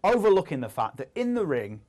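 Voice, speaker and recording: Man, thirties, studio host, slightly high voice, jokey, rambling, casual chat. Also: very animated, fairly quick, a little mellow. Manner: jokey, rambling, laughs at own lines.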